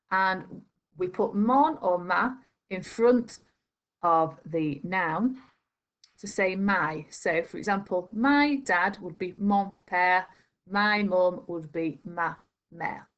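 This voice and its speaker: A woman teaching a recorded primary school video lesson, explaining slowly and carefully and spelling out each phrase. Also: medium pitch.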